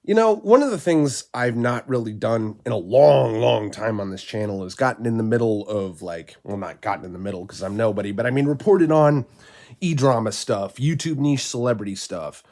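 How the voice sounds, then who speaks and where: A man's voice: mid-range voice, animated, moderate pace, darkish tone. A man with a nasal voice from a cold, giving blunt, rambling commentary with frequent swearing. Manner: blunt, profane, rambling with fillers. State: sick, nasal voice. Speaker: commentary channel host. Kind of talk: casual opinion commentary.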